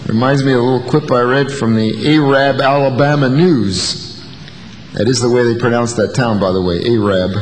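A man's voice: mid-range voice, slight background noise. A man preaching a sermon to his congregation, telling stories with a wry, folksy touch. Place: church sanctuary. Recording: long hall reverb.

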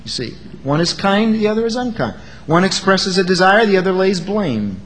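A man preaches in an earnest, animated way, his pitch sitting a little high and swinging widely between lines. He acts out the quoted lines himself. The long reverb of a hall trails after his words, over faint ambience. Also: moderate pace. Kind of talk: sermon.

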